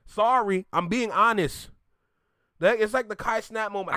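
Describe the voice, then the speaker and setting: A man's voice: sits high, normal speed, bright, forceful tone, no echo, studio quality. A man from Canada hosting a reaction video, ranting bluntly in casual commentary and laughing often.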